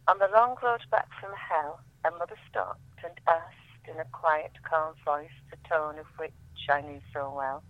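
A woman reading her own poems aloud in a measured, solemn way, then chatting about them. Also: fairly low pitch, steady tone, no echo, highs cut off. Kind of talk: poetry reading and radio chat.

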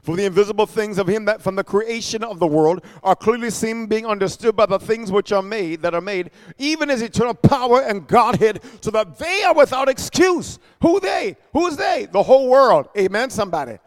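A man preaching a sermon, animated and emphatic, calling out for responses and shouting at peaks. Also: high voice, a little fast, few pauses. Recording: long hall reverb.

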